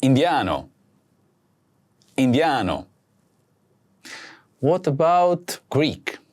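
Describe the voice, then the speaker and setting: A man hosting a language lesson, speaking slowly and clearly and saying each word twice for practice. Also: medium pitch, sing-song, a little mellow. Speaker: language teacher host. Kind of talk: slow scripted lesson with repeat-after-me drills.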